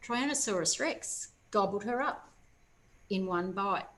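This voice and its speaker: A woman reading a picture book at children's story time as a library storyteller, animated and adding playful asides to her young listeners. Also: mid-range voice, measured pace, slight background noise.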